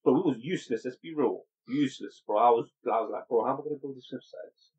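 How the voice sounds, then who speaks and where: Husky fast-talking man. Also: mid-range voice. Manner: animated, slangy, motivational. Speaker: podcast co-host. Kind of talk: casual chat. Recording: dull lo-fi recording.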